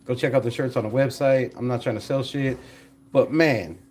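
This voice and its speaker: A man hosting a casual live stream, animated, laughing often and talking to his chat. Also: mid-range voice, normal speed, slight background noise.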